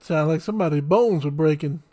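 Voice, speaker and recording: A man's voice: a little high, a little fast, background noise. A man hosting a horror reaction video, ranting in an exasperated, casual way about the characters' poor choices.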